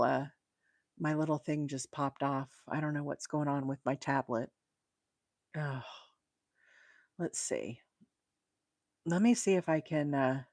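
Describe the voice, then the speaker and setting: A woman's voice: a bass voice, dry recording, clean studio sound. A woman hosting a crochet livestream, chatting casually, rambling and laughing often. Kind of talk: casual live-stream chat.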